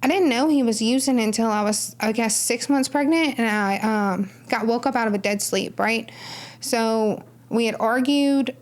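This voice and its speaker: Podcast guest: woman with a fairly high voice, rambling testimony, conversational. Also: moderate pace. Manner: rambling storytelling with frequent "like" and "right?". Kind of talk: personal testimony in casual conversation.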